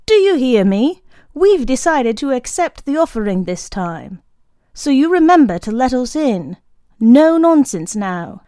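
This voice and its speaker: A woman's voice: mid-range voice, expressive, unhurried, darkish tone, no room sound, clean studio sound, close to an everyday voice. A woman reading a story aloud, voicing a bossy, scheming male creature who gives orders.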